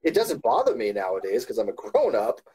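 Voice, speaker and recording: A man's voice: on the low side, huge pitch swings, brisk, mellow, breathy edge, rough recording. A man talking earnestly in a casual chat, often repeating words as he starts his sentences. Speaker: YouTuber.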